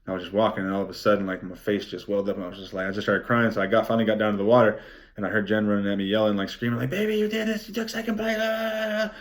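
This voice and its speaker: A young man recapping his race in a vlog, excited and rambling, swearing freely and saying "like" often. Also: lowish voice, racing. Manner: excited, rambling, swears a lot, many "like" fillers. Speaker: vlogger.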